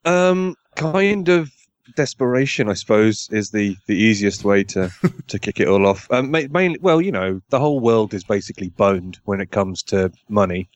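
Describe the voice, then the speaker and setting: A man with a low voice talks through his project as a podcast guest, rambling and self-deprecating, often restarting his sentences. The sound is dry and close, with no room around it. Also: expressive, normal speed, dry recording. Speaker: podcast guest, game designer. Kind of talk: casual interview chat.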